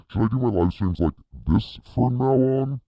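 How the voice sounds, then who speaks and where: A man speaking through a deep pitch-shift effect that turns his voice into a monster. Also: slow, dark tone, no room sound. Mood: playful. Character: deep gravelly male monster voice. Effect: deep pitch-shift voice filter.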